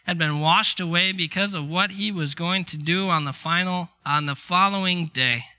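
Bright, high-voiced man preaching slowly. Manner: conversational, emphatic preaching with acted-out quotes. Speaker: pastor. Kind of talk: sermon.

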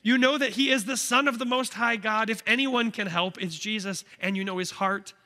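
A pastor in his thirties preaches a sermon in an echoey church sanctuary, earnest and conversational, often checking in with "right?" His high-pitched voice is pushed and bright, with a steady tone and moderate pace.

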